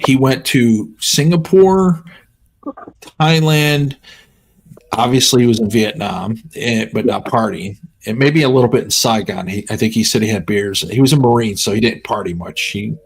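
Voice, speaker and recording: A man's voice: medium pitch, moderate pace, gravelly, breathy edge. A man on a casual stream, telling rambling anecdotes and acting out what people said. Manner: rambling anecdotes with laughs and acted-out quotes. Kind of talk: casual storytelling chat.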